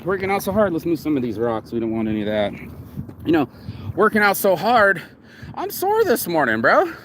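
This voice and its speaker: A man talks outdoors in a yard, a casual motivational monologue that wanders from thought to thought. His voice sits a little high, and he swears freely. The outdoor recording carries clear background noise. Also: a little fast. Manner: rambling, animated, swears freely. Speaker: vlogger.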